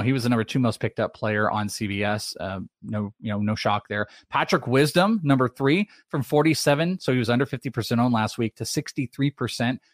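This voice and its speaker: A man's voice: mid-range voice, no echo, studio quality. Chatty man rattling off player stats. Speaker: podcast co-host. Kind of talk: casual fantasy baseball chat.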